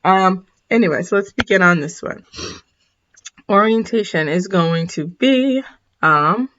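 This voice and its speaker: At the whiteboard in a recorded lesson, a weary teacher solves a math problem casually, holding back yawns. Self-corrections and apologies come often. She speaks at a mid pitch and measured pace, and the audio is dull and lo-fi.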